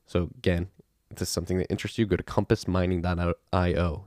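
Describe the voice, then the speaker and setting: A man's voice: low voice, level tone, quick pace, darkish tone, dry recording, studio quality. A man hosting a podcast, reading sponsor spots in a loose, offhand way and spelling out web addresses. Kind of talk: casual ad read.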